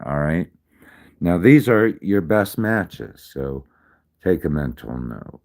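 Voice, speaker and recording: A man with an extremely low voice talks through a casual livestream explanation. He moves at an unhurried pace, repeating lists and counting aloud. He keeps checking in with the listener. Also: a little mellow. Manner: repetitive, counts aloud, checks in with "all right?". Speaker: livestream host. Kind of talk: casual explainer on zodiac signs.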